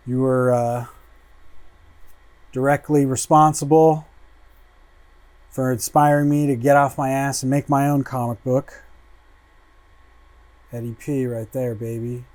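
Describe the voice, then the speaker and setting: A man hosting a casual livestream, flipping through a comic book and muttering relaxed asides, swearing freely as he goes. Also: medium pitch, a little slow, long pauses, no room sound.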